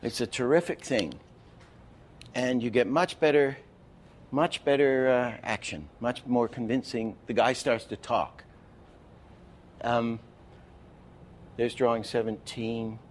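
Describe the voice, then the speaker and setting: A man's voice: medium pitch, takes it slowly, long pauses, a little hiss or hum. A man giving an animation masterclass lecture, explaining with false starts and counting frames aloud. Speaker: animation teacher.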